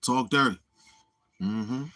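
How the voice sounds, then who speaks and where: This livestream host speaks slowly in a medium-pitched, sharp-toned voice. He wanders casually through his thoughts, filling the gaps with many murmured mm-hmms.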